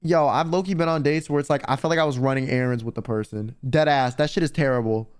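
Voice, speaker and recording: A man's voice: medium pitch, fast, clean tone. A young man streaming and chatting casually with viewers in a blunt, slangy way, swearing often.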